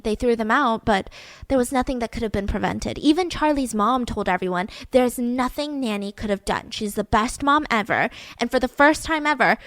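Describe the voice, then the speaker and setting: A woman hosting a podcast, telling a true-crime story in a casual, animated way with lots of "like". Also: a little high, no room sound. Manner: chatty, animated, peppered with "like". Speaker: podcast host.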